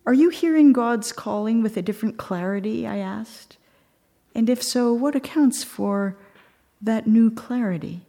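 A woman's voice: a little high, gravelly, dark tone. A woman preaching a reflective sermon, telling a story and sometimes dropping to a near whisper. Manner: reflective, slows and drops to a near whisper at times.

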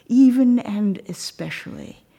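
A woman's voice: mid-range voice, animated, vocal fry, dark tone, breathy edge. A woman preaching a reflective sermon, telling a story and sometimes dropping to a near whisper. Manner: reflective, slows and drops to a near whisper at times.

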